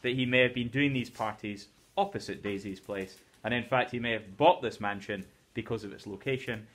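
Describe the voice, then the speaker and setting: A man's voice: lowish voice, fairly quick, a bit bright. A man who teaches English, reading a novel aloud to his class and explaining it in a conversational way. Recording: teacher's recorded lesson video.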